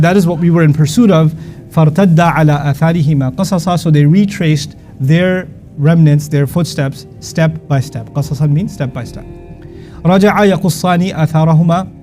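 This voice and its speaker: A man teaching Quran commentary, reciting Arabic verses and explaining them in a conversational way with quick asides and restarts. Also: fairly high pitch, warm tone.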